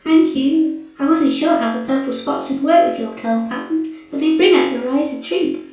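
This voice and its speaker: A man voicing a giggly, clumsy female robot sweetheart in a falsetto for an audiobook. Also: wildly swooping pitch, normal speed, vocal fry, heavily acted. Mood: chirpy. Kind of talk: audiobook character voice. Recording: echoey room, voice from afar, music behind.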